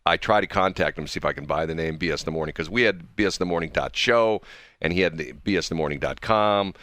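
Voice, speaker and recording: A man co-hosting a morning radio show, chatting casually and rambling through animated stories. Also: low-pitched, quick pace, no room sound. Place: radio studio.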